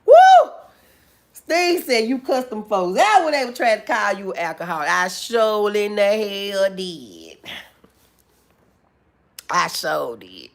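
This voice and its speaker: A woman's voice: mid-range voice, slow. A woman hosting a casual livestream, chatting with viewers, reading comments aloud, laughing and whooping. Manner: animated, laughing, loud whoops, reads chat aloud. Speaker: livestream host.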